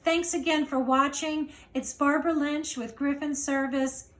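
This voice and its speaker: A woman reading a children's storybook aloud and thanking families at the end, with a slow, expressive storytelling manner. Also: high voice, reverberant. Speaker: company representative reading a children's book.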